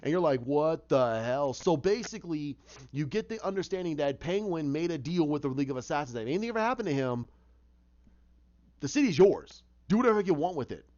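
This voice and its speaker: Halting male storyteller, muffled recording. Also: on the high side, lively intonation, a little mellow. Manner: halting, with many restarts and fillers, acting out lines. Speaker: fan retelling his own story idea. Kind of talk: casual rambling storytelling.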